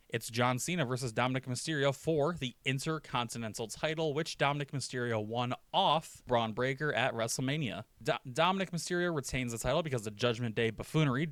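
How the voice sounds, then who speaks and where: A man's voice: mid-range voice, fairly bright tone, dry recording. A man giving casual, profane, jokey commentary on a wrestling storyline, acting out short quotes along the way.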